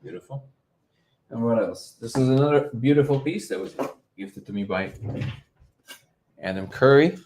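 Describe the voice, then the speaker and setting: A man's voice: mid-range voice, normal speed, long pauses, background noise. A man hosting a casual livestream chat, talking in a rambling, hesitant way with many fillers and restarts, sometimes moving away from the mic. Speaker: livestream host.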